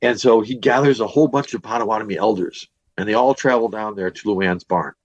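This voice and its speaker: A fairly low-voiced, brisk man from Northwest Indiana, a paranormal investigator and teacher, is a podcast guest telling a long, rambling ghost-hunting story full of fillers and restarts. He sounds a bit worn after a day of teaching. The recording is dry and lo-fi.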